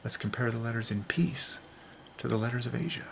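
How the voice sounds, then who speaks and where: A man hosting a religious monologue, excitedly working through letter counts and dropping into whispers to stress a point. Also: mid-range voice, a little fast, gravelly, slight background noise. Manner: excitable, drops into whispers for emphasis. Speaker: channel host.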